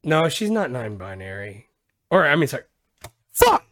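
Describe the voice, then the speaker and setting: A man hosting a podcast, joking and swearing in loose, animated banter. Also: on the high side, normal speed, slight background noise. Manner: animated, profane, jokey. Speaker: podcast host. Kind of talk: casual podcast chat.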